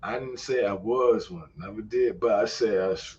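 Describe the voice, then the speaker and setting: A man in casual chat, laid-back and slangy, often pausing with fillers. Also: on the low side, a little mellow. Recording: dull lo-fi sound, faint background noise.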